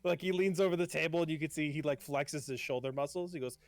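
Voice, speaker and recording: A man's voice: a little high, fast, no room sound. Casual male game master. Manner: casual, rambling, many likes and ums. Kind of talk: narrating a tabletop game.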